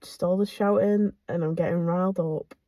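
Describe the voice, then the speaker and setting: A woman's voice: fairly low pitch, steady tone, moderate pace, mellow, dry recording, studio quality. A young woman co-hosting a casual chat, speaking in a giggly, hesitant way. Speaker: co-host.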